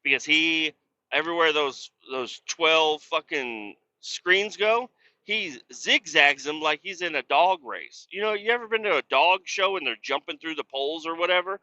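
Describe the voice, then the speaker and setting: A man's voice: on the high side, expressive, normal speed, sharp tone, no echo, muffled recording. A man telling a profane, exasperated story about a chaotic coworker in a casual, mocking rant. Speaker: industrial cleaning worker telling a work story.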